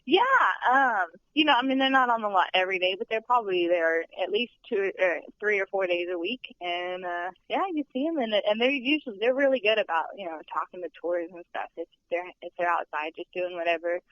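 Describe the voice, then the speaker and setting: A chatty young woman talking as a studio tour guide in a podcast interview, bubbly and quick to laugh. Her voice sits at an ordinary pitch. The audio is dull and lo-fi. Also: lively intonation, a bit bright.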